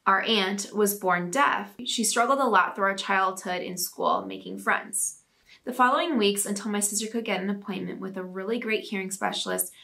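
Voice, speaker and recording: Bright-voiced mom podcast host, chatty, laughs a lot reading stories. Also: female voice, medium pitch. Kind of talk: reading listener stories aloud.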